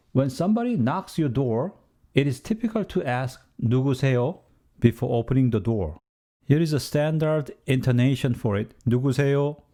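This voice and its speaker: Mellow-voiced man teaching a language lesson. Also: medium pitch.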